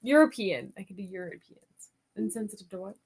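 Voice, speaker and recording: A woman's voice: medium pitch, lively intonation, brisk, gravelly, breathy edge. A young woman chatting casually as a guest on a live stream, playful and trailing off. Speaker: guest, host's stepdaughter. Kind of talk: casual chat.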